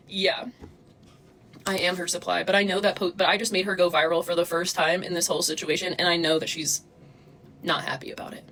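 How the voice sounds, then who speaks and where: A woman's voice: medium pitch, animated, normal speed, a bit bright, a little hiss or hum, poor audio. A woman streaming live from her phone, ranting angrily and swearing as she confronts people in her chat. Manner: angry, profane, confrontational. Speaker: livestreamer. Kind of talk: livestream rant.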